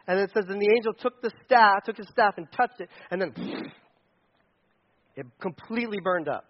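High-voiced animated male preacher. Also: moderate pace, highs cut off. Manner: animated, acts out characters' lines with jokes and laughs. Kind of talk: casual sermon storytelling.

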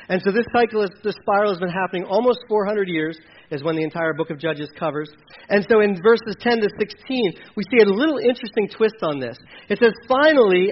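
A man teaching a sermon in a high voice, talking through scripture in a loose, conversational way with frequent fillers and restarts. The recording is dull and muffled, with a faint hiss underneath. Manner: conversational, reads verses aloud, many fillers and restarts. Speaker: preacher.

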